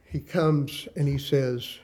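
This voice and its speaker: An older pastor in his sixties speaks in a slightly high, somewhat mellow voice. His impassioned sermon moves slowly with dramatic pauses as he recites scripture in old-fashioned language.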